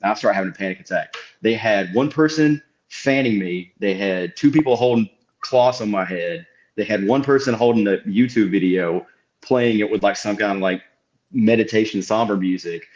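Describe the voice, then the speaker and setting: A young adult man on a podcast telling stories in an animated way and acting out what people said. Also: fairly low pitch, moderate pace. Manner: animated storyteller, acts out quotes. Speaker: podcast co-host. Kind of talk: casual chat, storytelling. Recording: dull lo-fi audio.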